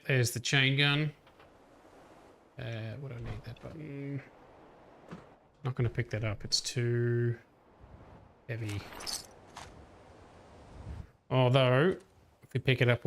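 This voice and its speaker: Here a streamer talks slowly through his gameplay on a livestream, chatty and thinking aloud, pausing often. His medium-pitched voice has vocal fry, fairly even intonation and a slightly bright quality, with a little hiss or hum in the recording.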